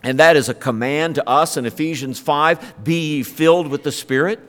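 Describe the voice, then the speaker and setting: Preacher with a long hall echo. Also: male voice, a little high, moderate pace. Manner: conversational preaching with rhetorical questions. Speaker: pastor. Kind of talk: sermon.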